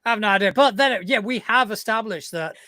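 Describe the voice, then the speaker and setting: Man, co-host, high bright voice, laid-back, casual swearing, dry close sound. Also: brisk, dry recording. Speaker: podcast co-host. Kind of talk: casual live-stream chat.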